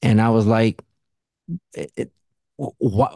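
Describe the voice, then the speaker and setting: A man's voice: lowish voice, fairly even intonation, takes it slowly, gravelly, dark tone, dry recording, studio quality. A man hosting a casual podcast conversation, telling blunt stories and swearing freely. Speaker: podcast host.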